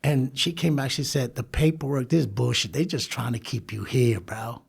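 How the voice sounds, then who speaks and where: A man as a podcast guest, telling his life story in an animated way, laughing and acting out the people he quotes. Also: mid-range voice, moderate pace, gravelly, slightly rough. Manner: animated, laughs through stories, acts out quoted voices. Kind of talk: storytelling interview.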